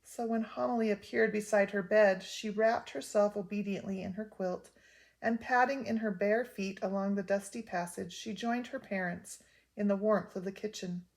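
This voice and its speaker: An older woman reading a children's book aloud in a gentle, measured storytelling voice. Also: medium pitch, fairly even intonation, vocal fry.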